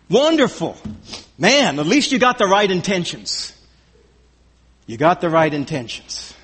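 A man's voice: sits high, sing-song, measured pace, fairly bright tone, breathy edge, in a large hall. A man preaching a sermon verse by verse, emphatic and repeating his key phrases. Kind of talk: expository sermon.

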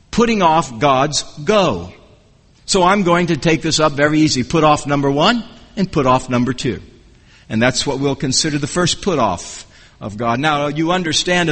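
A man preaching an expository sermon in an earnest, measured teaching manner, often restarting his phrases. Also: a little high, a bit bright. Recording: long reverb of a hall.

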